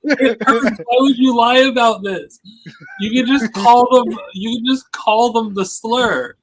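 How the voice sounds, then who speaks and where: A man co-hosting a casual podcast chat, quick and jokey. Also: very high voice, poor audio. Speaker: podcast co-host.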